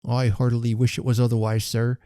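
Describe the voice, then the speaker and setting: A man's voice: medium pitch, flat delivery, brisk, mellow, smooth, no room sound, studio quality, natural voice. A man voicing a poor, nervous old porter who stammers meekly, raised well above his own voice, in a storybook reading. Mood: pleading. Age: older. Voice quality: stammering, meek.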